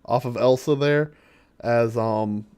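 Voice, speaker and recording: A man's voice: medium pitch, slow, a little mellow, clean tone, no echo. A man narrating as dungeon master, rambling through descriptions with many fillers and chuckles. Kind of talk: narrating a tabletop game.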